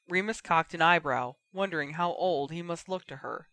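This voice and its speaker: Bright-voiced man reading a story. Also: fairly high pitch, normal speed, no echo. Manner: expressive, steady storytelling. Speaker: reader. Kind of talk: fan fiction audiobook narration.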